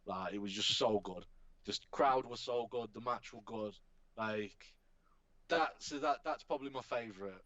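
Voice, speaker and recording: A man, a professional wrestler chatting as a podcast guest, telling animated stories and swearing casually. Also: on the low side, normal speed, no echo. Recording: dull, dry podcast recording.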